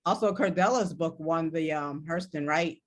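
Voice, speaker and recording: A woman's voice: deep voice, normal speed. A woman novelist speaking on a panel discussion over a video call, direct and emphatic.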